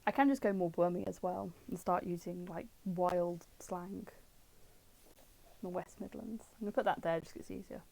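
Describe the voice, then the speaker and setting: British woman streamer at home; mellow tone, chatty and digressive, quips back at chat. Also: fairly low pitch, moderate pace, gravelly, low-quality recording. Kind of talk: casual livestream chat reviewing old books. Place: at home with her dog.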